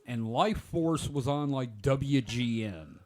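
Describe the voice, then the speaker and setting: A man's voice: medium pitch, expressive, slow pace. A man in his forties hosting a podcast, telling rambling stories in casual chat. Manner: rambling storyteller, many "like" fillers. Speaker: podcast host.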